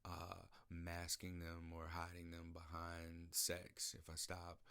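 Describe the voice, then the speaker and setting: A man's voice: deep voice, monotone, slow pace, bright, forceful tone, clear, resonant tone. A man hosting a podcast, speaking an emotional, searching personal monologue in a studio, often repeating himself. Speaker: podcast host. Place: recording studio.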